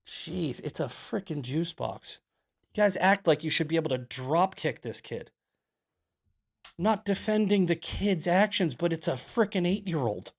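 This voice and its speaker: A man's voice: on the high side, expressive, moderate pace. A young man hosting a political livestream, arguing heatedly with his chat in a combative, ranting way. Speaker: political commentator and show host. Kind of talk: livestream commentary answering chat.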